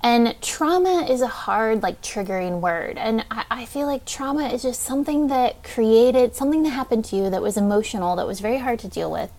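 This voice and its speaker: A woman's voice: fairly high pitch, lively intonation, fairly quick, few pauses, a little mellow. A young woman hosting a podcast, telling a personal story in a casual, candid way. She says "like" often, swears freely and speaks with open emotion. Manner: casual, heavy use of "like", frequent swearing; candid and heartfelt, openly emotional. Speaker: podcast host.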